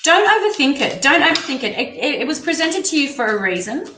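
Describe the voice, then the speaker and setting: A young Australian woman with a high, quick voice and big pitch swings does a live-streamed tarot reading, rambling chattily as she thinks aloud. The recording has a roomy echo and faint background noise.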